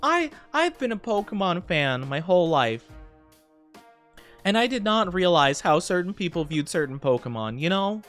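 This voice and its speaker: A man's voice: high voice, very animated, normal speed, fairly bright tone. Young man, streamer, bubbly, giggly, casual chat, faint background music.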